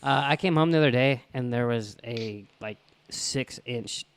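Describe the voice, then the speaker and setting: An American man with an ordinary mid-pitched voice co-hosting a laid-back comedy podcast. He swears often and spins loose stories. His tone is blunt and crude. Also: unhurried, no echo. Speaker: podcast co-host. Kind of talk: casual comedy podcast chat.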